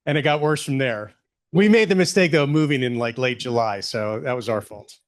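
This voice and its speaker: A man's voice: medium pitch, fairly quick. Conversational middle-aged male lecturer. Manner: relaxed and conversational, many fillers, rhetorical questions. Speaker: historian and guest lecturer. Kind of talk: public lecture.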